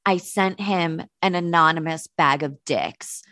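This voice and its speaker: A woman co-hosting a podcast, telling stories in a lively, casual way, swearing and laughing often. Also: low-pitched, a little slow, dry recording, clean studio sound. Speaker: podcast co-host. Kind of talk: casual chat.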